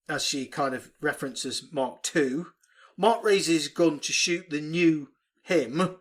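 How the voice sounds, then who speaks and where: Animated, sweary man reviewing a film. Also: fairly high pitch. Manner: animated, sweary, recaps plot with mock voices. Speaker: podcast co-host. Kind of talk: casual film review chat.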